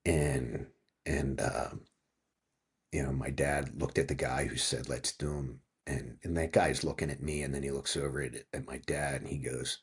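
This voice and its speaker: His pitch sits extremely low, with a breathy edge and a moderate pace. The speaker, a Pennsylvania man in his fifties appearing as a guest author, tells a story in an easygoing interview, animatedly voicing other people's lines and swearing frequently.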